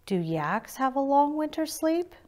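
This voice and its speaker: A small young yak calf from a storybook, endlessly curious and eager to ask questions. A woman reading aloud puts him on, lifting the voice higher and taking it slowly and carefully. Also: very animated.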